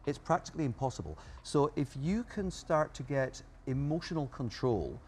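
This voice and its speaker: A man's voice: medium pitch, sing-song, normal speed, darkish tone, slight background noise. A man being interviewed as an expert, explaining ideas emphatically and listing his points one by one. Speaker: guest expert. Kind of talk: interview answers.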